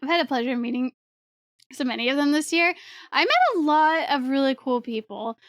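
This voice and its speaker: A young woman streamer telling a story to her chat in a rambling, excitable way, swearing casually and laughing often. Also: high-pitched, a little fast, no room sound, studio quality.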